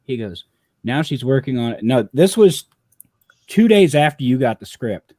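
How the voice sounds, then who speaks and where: Animated male storyteller, dry voice. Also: mid-range voice, normal speed, no echo. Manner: animated storyteller, acts out quotes. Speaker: co-host and script writer. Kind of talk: casual livestream chat.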